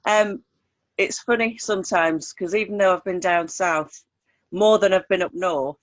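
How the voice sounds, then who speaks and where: A woman's voice: lowish voice, a little slow. A woman with a light northern English accent, hosting a casual interview chat with friendly, upbeat questions over a video call. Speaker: host.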